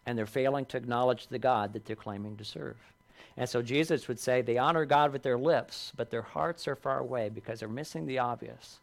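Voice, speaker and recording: Pastor preaching, earnest, building and dropping emphasis, mid-range voice. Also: male voice, medium pitch, brisk, creaky. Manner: earnest, rising in emphasis and dropping softly on key lines. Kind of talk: sermon.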